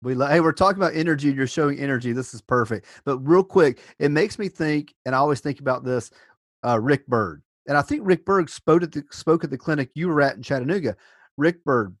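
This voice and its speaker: A man's voice: fairly high pitch, fairly quick, no room sound, studio quality. A man hosting a podcast, encouraging his guest and steering the talk to the next topic. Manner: affirming, guides the conversation to the next topic. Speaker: podcast host. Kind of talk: podcast conversation.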